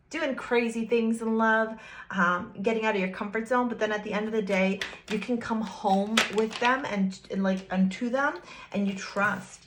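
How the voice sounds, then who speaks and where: A woman giving a casual tarot card reading, chatty and playful, talking straight to the viewer with frequent giggles. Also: mid-range voice. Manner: speaks directly to the viewer, teasing. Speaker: tarot reader.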